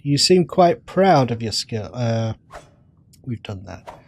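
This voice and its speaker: A man's voice: mid-range voice, very animated, slow, vocal fry, a little mellow, a little hiss or hum. A man giving chatty, jokey commentary while playing a role-playing game. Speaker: let's play host. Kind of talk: casual gameplay commentary.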